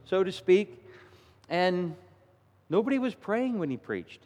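A man preaching a sermon, telling a story in a lively, animated way. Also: slow pace, long reverb tail. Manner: animated storytelling, rising to loud indignant pitch in acted quotes. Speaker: pastor. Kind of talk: sermon with a told joke.

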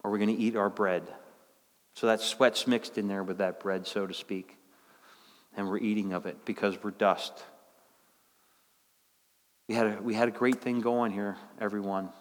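A man preaching a sermon in a folksy, conversational way, dropping low and quiet, then climbing high and loud. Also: big-room sound.

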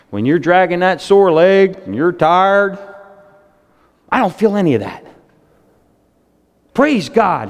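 Animated high-voiced preacher in his fifties. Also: big-room sound. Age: 50s. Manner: excitable, storytelling, animated swings in pitch. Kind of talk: sermon.

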